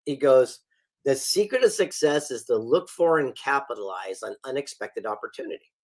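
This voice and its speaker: Middle-aged male guest, animated storyteller, mid pitch, acts out his quotes. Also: normal speed. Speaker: guest author and speaker. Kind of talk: storytelling interview.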